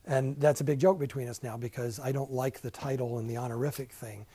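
Husky older man teaching a Bible class. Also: medium pitch, steady tone, a little fast, warm tone, rough recording. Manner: chatty and self-deprecating, with asides. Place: church classroom.

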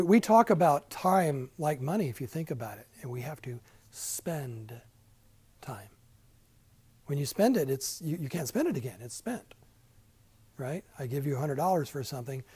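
A man's voice: on the high side, lively intonation, moderate pace, a little mellow, breathy edge, poor audio. An older man teaching a casual Bible class in a church classroom, chatty and self-deprecating, with many asides.

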